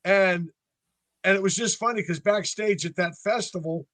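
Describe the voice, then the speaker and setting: A man's voice: high-pitched, moderate pace, no room sound. A man in his sixties from North Carolina, a band member telling stories in a casual interview and acting out the voices of the people in them. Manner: animated storyteller who acts out voices.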